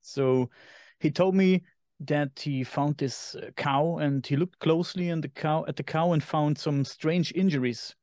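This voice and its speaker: German-accented man, slightly high and dry. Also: a little mellow, no room sound. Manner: halting, searches for English words. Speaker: podcast co-host. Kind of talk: casual chat.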